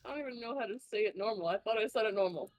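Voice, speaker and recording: A woman's voice: a little high, very fast, darkish tone. A woman playing a tabletop game, joking and self-deprecating in casual banter. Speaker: player.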